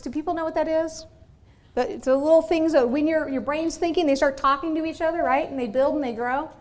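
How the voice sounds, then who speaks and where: Woman speaker, high voice, Michigan-Texas accent, animated motivational lecture with audience questions. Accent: mixed Michigan and Texas. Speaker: guest speaker. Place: university lecture hall.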